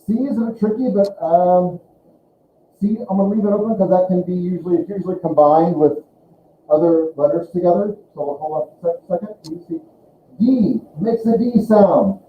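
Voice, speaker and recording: A male teacher giving a classroom language lesson, slowly drawing out sounds as he demonstrates them. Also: sits high, a little hiss or hum. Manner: slow, drawn-out demonstration of sounds. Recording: echoey classroom over a tinny line.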